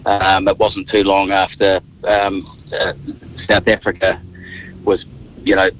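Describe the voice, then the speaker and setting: A New Zealand man around fifty, a radio guest telling lively stories from a moving car. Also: sits low, slow pace, rough recording. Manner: animated storyteller, acts out quotes. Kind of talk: casual radio interview.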